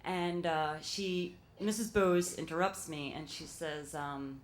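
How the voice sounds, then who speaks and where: A woman's voice: deep voice, fairly even intonation. A young woman with a Philadelphia accent telling a personal story live on stage, chatty and filler-heavy. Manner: chatty, fast when nervous, lots of fillers.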